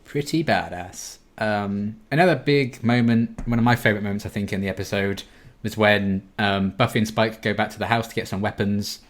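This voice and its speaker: Low-voiced man chatting casually as a guest. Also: moderate pace. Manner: animated, mimics characters when retelling scenes. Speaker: podcast guest. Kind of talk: casual chat.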